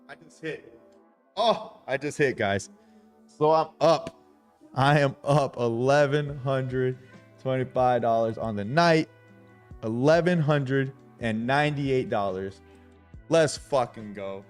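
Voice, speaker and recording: A man's voice: medium pitch, normal speed, soft background music. Brash, swearing man hyping a livestream. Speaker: trading livestream host. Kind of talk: excitable livestream chat.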